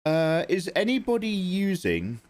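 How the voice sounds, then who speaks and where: A man's voice: high-pitched, huge pitch swings, unhurried, a little mellow. A man livestreaming his digital drawing, rambling and joking as he talks to his chat. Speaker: art livestreamer.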